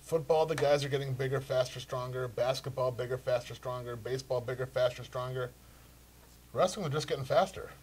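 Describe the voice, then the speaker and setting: A man's voice: medium pitch, steady tone, a little fast, darkish tone, a little hiss or hum. A man co-hosting a wrestling talk show, bantering in a teasing, argumentative way. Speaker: co-host.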